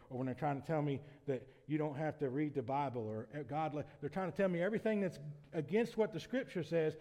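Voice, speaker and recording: Preacher in an echoing church. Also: male voice, mid-range voice. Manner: swings from quiet, conversational asides to loud, emphatic preaching. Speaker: pastor. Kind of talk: sermon. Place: church sanctuary. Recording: long reverb of a church hall.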